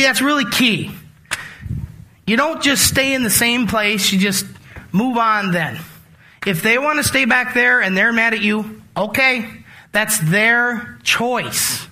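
A man preaching in a conversational, animated sermon. His voice sits high and rings bright, and he slips into acted-out asides as he talks to the congregation. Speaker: pastor.

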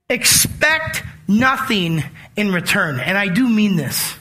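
A man preaching a sermon in a conversational, animated way, acting out little asides as he goes. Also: high-pitched, slow. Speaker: pastor.

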